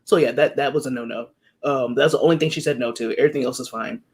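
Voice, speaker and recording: A woman from Texas chatting casually on a group video call, telling animated sports stories and swearing freely. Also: extremely low pitch, quick pace. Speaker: writing sprint participant. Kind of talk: casual chat.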